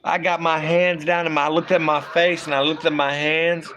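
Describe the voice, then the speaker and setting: A man's voice: fairly high pitch, level tone, moderate pace, a bit bright. A man in his thirties telling childhood stories casually on a livestream, swearing freely and laughing often between lines. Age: 30s. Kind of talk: casual storytelling.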